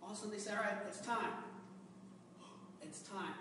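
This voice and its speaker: A man giving a humorous personal story speech to a club audience, animated and laughing along as he tells it. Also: sits high, brisk, background noise. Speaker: speaker at a public speaking club. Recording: echoey hall, recorded from far off.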